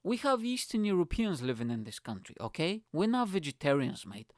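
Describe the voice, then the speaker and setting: A man from Bulgaria, hosting his show in an animated, profane comic rant full of filler phrases. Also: a little high, fairly quick, no room sound, clean studio sound. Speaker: podcast host. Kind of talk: comic ranting monologue.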